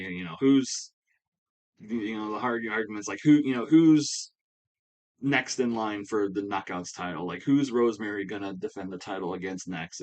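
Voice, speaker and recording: Low-ish dude rambling thru a wrestling game recap, tons of you-knows and uhs, just chatting. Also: male voice, rough recording. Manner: rambling, full of fillers like "you know" and "uh". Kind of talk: casual play-by-play recap.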